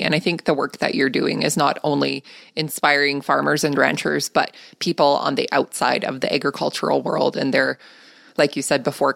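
A woman's voice: rumbling low, creaky, no room sound, studio quality. A woman with a Canadian accent hosting a podcast interview, asking questions and encouraging her guest. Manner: warm, encouraging, affirming. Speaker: podcast host.

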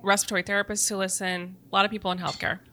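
A woman's voice: mid-range voice, level tone, very fast, slight background noise. A woman podcast host and nurse who talks in an effusive, emotional way and answers with short reactions. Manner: warm, effusive, emotional, gives short back-channel replies. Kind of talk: casual interview conversation.

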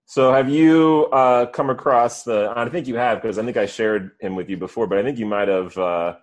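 A man's voice: mid-range voice, steady tone, moderate pace. A man in casual chat who rambles through loose stories full of fillers.

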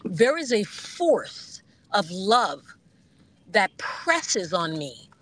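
A woman guest talking earnestly and reflectively about her faith, now and then bursting into animated bits, speaking from her car over a Bluetooth phone link. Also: mid-range voice, drawn-out words, low-quality recording. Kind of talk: candid faith conversation. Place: driving in a car.

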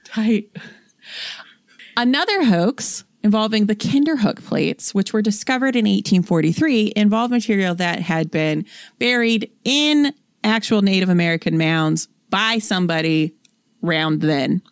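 Woman, young adult, podcast co-host, reads notes aloud plainly, middle pitch, dry sound. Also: dry recording. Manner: reads notes aloud in an even, matter-of-fact way, slowing down on names. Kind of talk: casual chat reading from notes.

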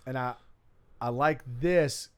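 A man's voice: medium pitch, slow pace, clean tone. A man co-hosting a faith podcast, chatting casually and acting out quotes in playful voices. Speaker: podcast co-host and preacher. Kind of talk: casual chat.

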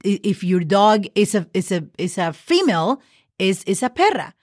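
A very animated woman with a medium, slightly mellow voice hosts a laid-back Spanish podcast lesson, recorded studio quality with no echo. She spells words one letter at a time, frequently says "okay" to check in, and eases her pace for example sentences.

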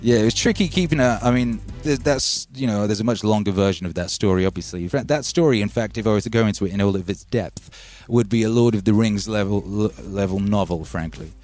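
A man hosting a relaxed livestream, rambling and reading out chat names. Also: lowish voice, brisk, few pauses. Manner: laid-back, rambling, calls listeners baby. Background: faint music.

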